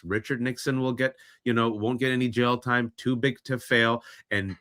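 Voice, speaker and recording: A man's voice: mid-range voice, fairly bright tone. A man ranting sarcastically in impassioned political commentary on a podcast, slipping into mock voices. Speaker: podcast co-host.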